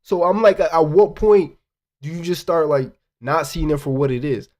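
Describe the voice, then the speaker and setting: A man hosting reaction commentary, animated and slangy, swearing and talking straight to his viewers. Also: fairly high pitch, normal speed. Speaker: commentary host.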